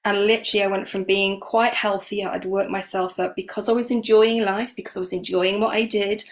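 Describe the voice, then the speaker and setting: A woman's voice: medium pitch, fairly even intonation, brisk, slight background noise. A middle-aged woman, telling her personal story openly and with emotion as an interview guest. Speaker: guest, energy healer.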